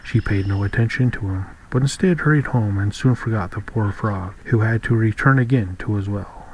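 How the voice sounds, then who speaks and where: A man narrates an old fairy tale in a calm, measured storybook reading. His voice sits fairly low, and a faint hiss of ambience runs underneath it. He keeps a steady, unhurried reader's pace. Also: poor audio. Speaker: audiobook reader.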